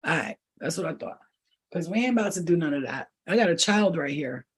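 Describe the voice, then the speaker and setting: A woman's voice: low-pitched, lively intonation, brisk, breathy edge. A woman giving an intuitive spiritual reading to her viewers, rambling and repeating herself, then turning blunt, profane and fiery. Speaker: spiritual reader.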